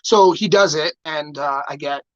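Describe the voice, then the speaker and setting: A man's voice: on the high side, normal speed, no echo, highs cut off. A man, a guest entrepreneur, telling stories in casual chat. He swears freely and acts out the dialogue he quotes. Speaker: guest entrepreneur and artist manager. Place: studio.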